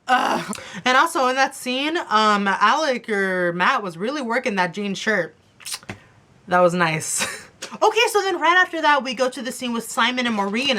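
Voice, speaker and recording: A young woman chatting excitedly in a casual TV episode review, gushing and breathless, with lots of fillers. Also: medium pitch. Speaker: TV review vlogger. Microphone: camera on her desk after her phone stopped recording.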